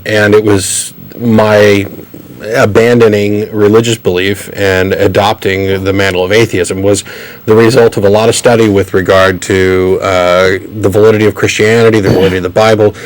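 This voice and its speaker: A young man co-hosting a call-in show, speaking briskly and articulately as he tells his own story. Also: on the low side, low-quality recording. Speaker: co-host.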